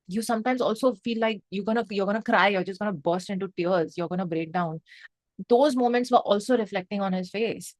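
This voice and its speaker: A young woman reviewing a film in casual, excitable speech, swearing freely and mixing in Hindi phrases. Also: mid-range voice, no echo. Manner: emphatic, excitable, mixes Hindi phrases into English; swears freely, lots of fillers like 'um' and 'like'.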